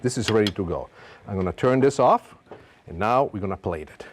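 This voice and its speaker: A man's voice: on the low side, lively intonation, fairly quick, a little hiss or hum. A middle-aged man with an Italian accent, hosting a cooking demonstration in a playful, theatrical way and dropping Italian phrases. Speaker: cooking show host.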